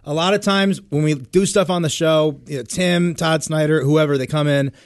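A man's voice: fairly high pitch, steady tone, moderate pace, dry recording. A man co-hosting a podcast in casual, joking, rambling chat on a studio mic. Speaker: podcast co-host.

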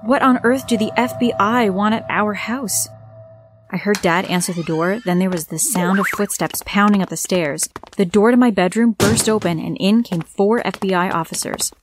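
A woman narrating a scripted first-person story with a plain, steady reading. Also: medium pitch, moderate pace, music in the background.

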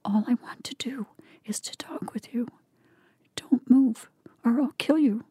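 A frail, desperate young woman speaks in a timid, half-whispered plea, voiced by a woman reading a story. Her voice sits a touch higher than the narration and stays soft and unsettled. The sound is close and dry. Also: normal speed, slightly rough, no echo. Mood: threatening whisper.

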